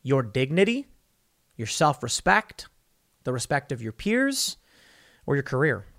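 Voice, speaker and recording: A man's voice: mid-range voice, sing-song, creaky, a bit bright. A man hosting a podcast, delivering a heated, opinionated monologue with a sarcastic, mocking tone. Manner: rushes through read-out news text. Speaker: podcast host.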